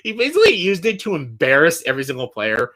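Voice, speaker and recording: A man's voice: a little high, wildly swooping pitch, fast, bright, forceful tone. A man talking casually on his vlog as he ranks favorites, enthusiastic and blunt, swearing freely and filling gaps with "like" and "uh.". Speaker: YouTuber ranking show winners.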